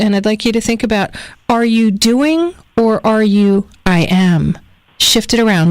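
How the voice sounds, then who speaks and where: A woman's voice: medium pitch, normal speed, dry recording. An American woman hosting a live radio talk show, effusive and enthusiastic as she interviews a guest.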